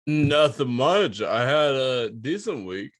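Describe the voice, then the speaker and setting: A man's voice: mid-range voice, big pitch swings, slow, no room sound, studio quality. A man co-hosting a casual podcast, telling rambling stories in a laid-back way, laughing often and swearing. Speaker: podcast co-host. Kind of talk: casual storytelling chat.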